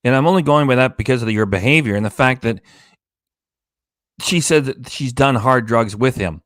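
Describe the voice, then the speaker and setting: A man's voice: mid-range voice, normal speed, fairly bright tone, no room sound, clean studio sound. A tired man hosting a reaction channel, ranting with indignant sarcasm about a live stream. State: tired, low energy. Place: home studio with green screen.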